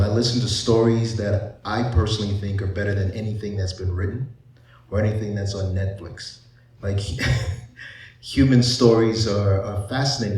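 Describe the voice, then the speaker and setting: A man's voice: lowish voice, darkish tone, distant mic. A man, a psychiatrist, giving a conversational panel presentation to a live audience, posing rhetorical questions. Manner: conversational, asks rhetorical questions, frequent "you know". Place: large echoey event room. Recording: echoey hall, voice off-mic.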